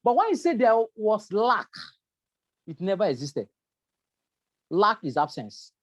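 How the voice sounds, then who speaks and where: Very animated but at a measured pace, this medium-pitched safety trainer with a Nigerian English accent delivers a slide-based workplace lecture with no room sound. She explains step by step, repeats herself, and keeps checking in with "right?"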